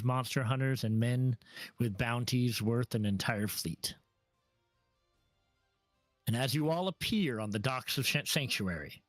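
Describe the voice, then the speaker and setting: A man at an average pitch narrating a tabletop fantasy session as game master. His descriptive delivery is laid-back and scene-setting, and the sound is dry and close to the mic. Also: no echo, poor audio. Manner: descriptive, relaxed with fillers.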